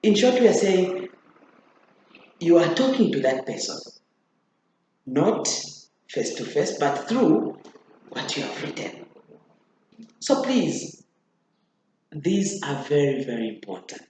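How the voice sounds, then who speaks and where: Slow, deliberate teacher in an echoey room. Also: medium pitch, sing-song, darkish tone. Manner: repeats key phrases for emphasis; addresses students directly with checking questions. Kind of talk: classroom grammar lesson. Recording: very echoey room, faint noise.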